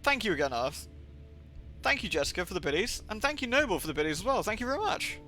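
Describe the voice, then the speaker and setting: A man's voice: high voice, big pitch swings, fast, bright, forceful tone, soft background music. A young man from England rambling and swearing on a livestream, with lots of filler words. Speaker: streamer. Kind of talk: livestream gaming chat.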